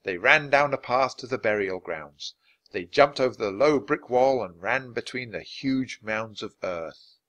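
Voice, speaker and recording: A man narrating a children's storybook aloud, expressive and switching voices for each character. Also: medium pitch, unhurried. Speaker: audiobook reader.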